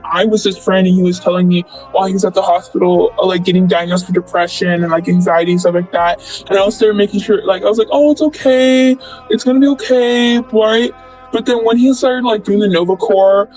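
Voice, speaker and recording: A man's voice: sits high, darkish tone, low-quality recording. A young man in casual storytelling, rambling and filling his talk with "like" and "blah, blah.". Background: faint background music.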